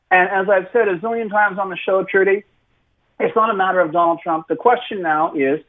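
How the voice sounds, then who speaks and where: A political commentator with a Canadian accent, talking in a sardonic radio commentary full of fillers and restarts. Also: male voice, sits high. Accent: Canadian English. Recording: phone-like narrow radio line.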